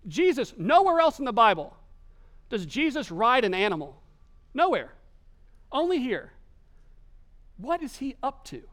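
A man preaching a sermon, telling the story with animated delivery and acted-out quotes. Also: very high-pitched, unhurried, pauses often. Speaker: pastor.

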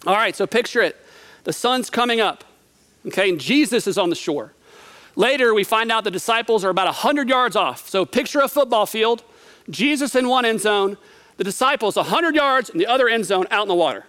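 High-voiced man telling a Bible story. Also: animated, brisk, a bit bright. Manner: storytelling, vivid, acts out quotes; conversational, asks the listener questions. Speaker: preacher. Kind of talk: Bible teaching sermon.

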